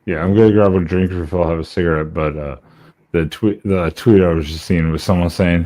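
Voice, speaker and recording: Deep-voiced man in profane banter. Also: steady tone, brisk, warm tone. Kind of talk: casual chat.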